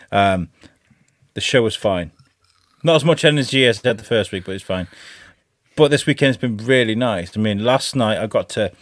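Male podcast co-host, relaxed and chatty, swears offhand, dry studio sound. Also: medium pitch, dry recording. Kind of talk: casual chat.

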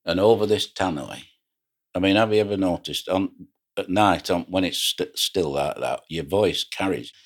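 Very deep-voiced older man. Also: moderate pace. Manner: rambling anecdotal storyteller with frequent restarts. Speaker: retired pilot boat skipper. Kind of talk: reminiscing oral history.

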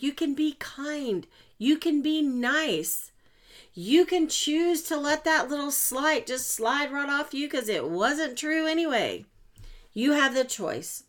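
A woman hosting a motivational podcast, chatty and self-mocking, with sudden loud bursts. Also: high-pitched. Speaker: podcast host and coach.

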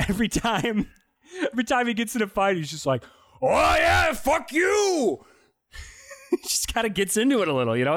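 A man's voice: fairly high pitch, dry recording. Dry-sounding man riffing on a bad movie. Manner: animated, mocking, acts out movie lines. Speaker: podcast co-host. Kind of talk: casual movie-review chat.

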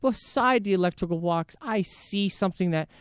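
A man's voice: high voice, normal speed, clear, resonant tone, no echo, clean studio sound. A man telling a crude story in casual chat, swearing often and acting out the voices of the people in it. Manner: animated storyteller, swears a lot, acts out quotes. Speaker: podcast co-host.

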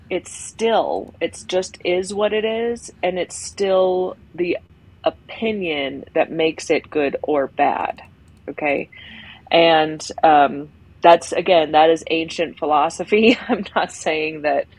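A woman's voice: low voice, takes it slowly, rough recording. A woman co-hosting a podcast, talking in a reflective, rambling way with many fillers in unscripted conversation. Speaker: podcast co-host.

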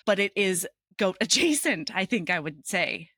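Bright, animated woman podcast co-host. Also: mid-range voice, normal speed, no echo, clean studio sound. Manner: enthusiastic, laughs often, swearing. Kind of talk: casual chat.

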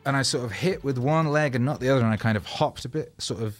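A man's voice: mid-range voice, fast talker, faint music behind. A man, a rapper, telling rambling, self-mocking stories in a casual monologue, loose with fillers and swearing.

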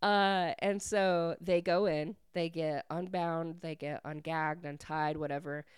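A young woman hosting a podcast, giving a casual book recap in a chatty, excitable way full of filler words. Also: sits low, measured pace, smooth, no echo, clean studio sound. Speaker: podcast host.

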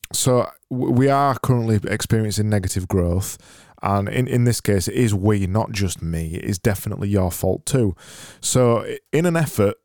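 Low, mellow British man rambling. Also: no echo. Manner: rambling, stumbling, dry self-mocking humor. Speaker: podcast host. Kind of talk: casual comedic monologue.

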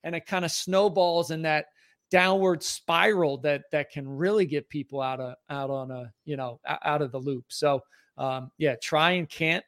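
A man's voice: a little high, steady tone, moderate pace, a bit bright. Earnest middle-aged man hosting a podcast. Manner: earnest, motivational, emphatic. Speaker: podcast host. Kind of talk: casual interview chat.

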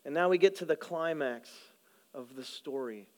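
A male pastor preaching a sermon, swinging between loud emphasis and hushed, low delivery. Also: normal speed.

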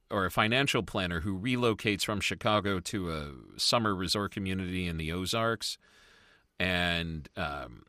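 A middle-aged man co-hosting a casual review podcast, telling stories in an animated, chatty way. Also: fairly low pitch, no room sound, clean studio sound. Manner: animated, tells stories with lively asides. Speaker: podcast co-host. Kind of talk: casual chat.

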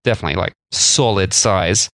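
A man's voice: low-pitched, moderate pace, fairly bright tone, no room sound. A man co-hosting a casual podcast, chatty and jokey, rambling through explanations. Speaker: podcast co-host. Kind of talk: casual chat.

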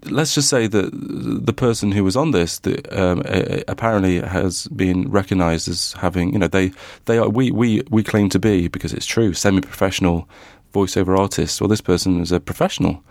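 A man's voice: sits low, brisk, hardly any pauses, darkish tone, no echo, clean studio sound. A man co-hosting a podcast, chatting casually and hesitantly, full of restarts. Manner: hesitant, many fillers and restarts. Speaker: podcast co-host. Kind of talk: casual chat.

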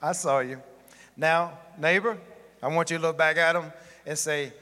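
Joking pastor preaching in an echoing hall. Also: male voice, on the high side, fairly even intonation, normal speed, bright, forceful tone. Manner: joking, conversational preaching with the congregation. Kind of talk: sermon. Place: church sanctuary.

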